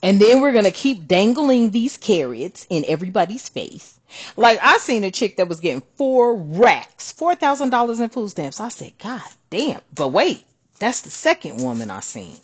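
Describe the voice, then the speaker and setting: A woman's voice: mid-range voice, big pitch swings, normal speed, slightly rough. A woman hosting a spiritual card-reading channel, ranting bluntly and profanely while reading cards.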